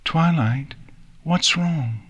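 A man reading an audiobook and voicing a small frightened filly pony with a high, wavering, tearful voice. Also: sing-song, measured pace, a bit bright, breathy edge, exaggerated voice. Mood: worried.

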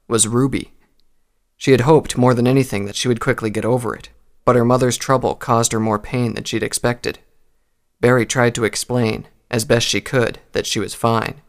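A man reading a story aloud in a calm, measured narration. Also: medium pitch, gravelly.

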